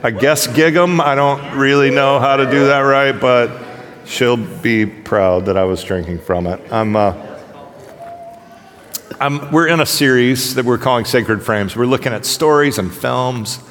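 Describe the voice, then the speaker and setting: A man preaching a casual, humorous sermon, telling stories in a loose, animated way. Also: mid-range voice, unhurried. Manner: conversational, joking, animated storytelling. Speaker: pastor. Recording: long hall reverb.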